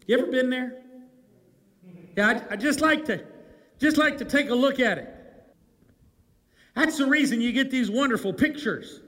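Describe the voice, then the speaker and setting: A man preaching a sermon, telling the story with animation and swinging from loud calls to hushed, low lines. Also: animated, moderate pace, long pauses. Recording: long hall reverb.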